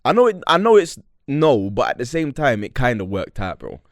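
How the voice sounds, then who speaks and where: A man's voice: mid-range voice, normal speed, no room sound. Young guy telling a story on a podcast, voice all over the place, slangy, dry close mic. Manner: animated storyteller, acts out quotes, London slang. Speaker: podcast co-host. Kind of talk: casual banter between friends.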